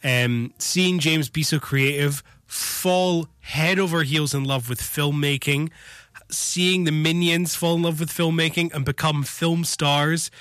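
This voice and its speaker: A man with a slightly high voice recaps a film in an easy, enthusiastic chat, now and then tripping over his words. The recording is dry and close to the mic. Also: fairly even intonation, slow, a bit bright, clean tone, no room sound. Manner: enthusiastic, laughs, stumbles on words. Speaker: film podcast co-host. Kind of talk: casual film review chat.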